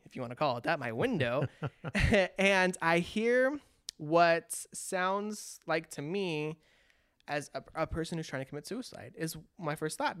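Medium in pitch and clean in tone, this voice comes through a dry, clean studio recording. It belongs to someone from California recounting a long personal story in casual talk, lively throughout, voicing quotes and restarting many times.

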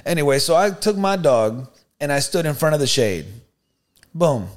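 Podcast guy telling a story, kinda high voice, lots of bro and you know what i mean. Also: lively intonation, normal speed. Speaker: podcast co-host. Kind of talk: casual storytelling chat.

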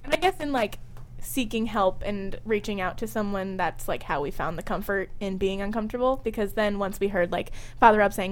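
A woman's voice: medium pitch, very animated, a little fast. A young woman co-hosting a podcast, chatting casually and reflecting with a laugh. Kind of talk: casual chat.

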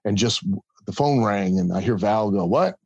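A man's voice: lowish voice, moderate pace, a little mellow, husky, no echo. A man guest telling a story in a casual interview and acting out the other people's voices. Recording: dull lo-fi sound.

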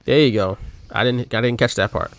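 A man's voice: mid-range voice, brisk, vocal fry, no room sound. Chatty man on a dry podcast mic. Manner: relaxed, offhand, with many "like" and "uh" fillers. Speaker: podcast co-host. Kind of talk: casual chat.

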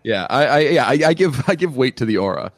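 He's a podcast co-host with a medium-pitched, sing-song voice and a brisk delivery, chatting casually and wandering off topic with many fillers and laughs. The sound is echo-free.

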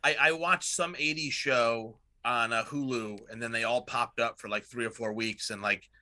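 A man in his thirties with a very bright, forward voice, talking casually and rambling through stories. He fills every pause with fillers and swears freely. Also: medium pitch, steady tone. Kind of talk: casual chat.

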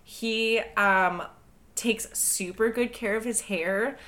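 Brief: woman podcast host, bright forceful tone, swears freely, jokey. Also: on the high side, steady tone, takes it slowly. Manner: loose, profane, jokey storytelling. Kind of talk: casual chat, reading history notes.

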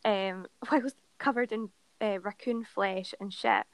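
A woman's voice: medium pitch, steady tone, takes it slowly, gravelly, dry recording, rough recording. A woman co-hosting a podcast, chatting casually and playfully about a book, laughing often. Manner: giggly, playful. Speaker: podcast co-host.

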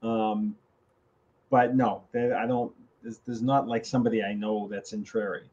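An older male author in a casual interview, telling animated stories and acting out conversations. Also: on the low side, normal speed, a crowd in the background. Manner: animated, acts out quoted phone calls. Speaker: author guest. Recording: slightly dull lo-fi audio.

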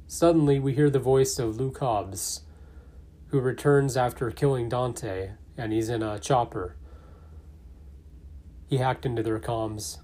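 A man's voice: medium pitch, a little slow, warm tone. A man casually narrating and commenting on his own fan theory, thinking aloud with fillers. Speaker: fan theory video maker.

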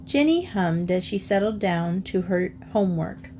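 A woman narrating a children's storybook in a steady, expressive voice. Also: on the low side, a little slow, a little hiss or hum. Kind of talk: storybook reading.

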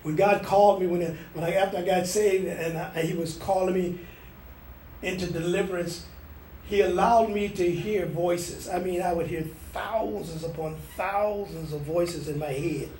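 A man's voice: sits high, fairly even intonation, moderate pace, darkish tone, reverberant, distant mic, a little hiss or hum, low-quality recording. A man delivering a sermon as a preacher, with fervent, repetitive exhortation.

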